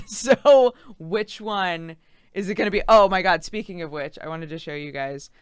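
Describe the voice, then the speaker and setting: Giggly pregnant woman streamer, smooth voice. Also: on the low side, moderate pace, no room sound, clean studio sound. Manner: giggly, rambling, lots of fillers. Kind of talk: casual chat reading out viewer messages.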